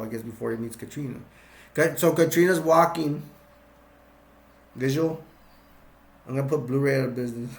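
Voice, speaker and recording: A man casually recapping a film scene by scene, rambling, restarting his sentences and chuckling as he goes. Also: mid-range voice. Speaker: film reviewer. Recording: roomy echo.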